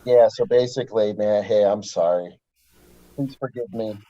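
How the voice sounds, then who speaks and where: A man's voice: on the low side, moderate pace, mellow, no room sound, lo-fi sound. A man speaking as an interview guest in a laid-back, earnest way, often calling the host "man" or "brother". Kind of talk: casual interview chat.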